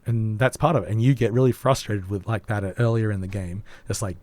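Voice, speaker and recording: A hoarse man, co-hosting a podcast and reviewing a game in casual, rambling chat with many ums. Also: on the low side, a little fast, hardly any pauses, darkish tone, no room sound. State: hoarse, voice nearly gone. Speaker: podcast co-host.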